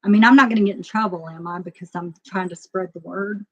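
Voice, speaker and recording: A woman telling a personal story to a live audience in a casual, emotional way, laughing often and swinging between loud and quiet. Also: medium pitch, fairly even intonation, fast talker. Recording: dull lo-fi sound.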